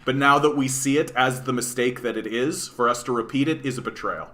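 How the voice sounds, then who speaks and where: A man's voice: mid-range voice, fairly quick, sharp tone. A man hosting a political livestream, ranting bluntly with lots of swearing, "like" and "right?" while answering chat. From Canada.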